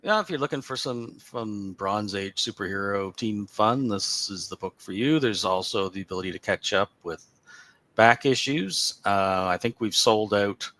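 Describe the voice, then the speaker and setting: Man, low pitch, sharp bright tone, wry self-mocking guest. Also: moderate pace, no room sound. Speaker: comic creator guest. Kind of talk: livestream chat.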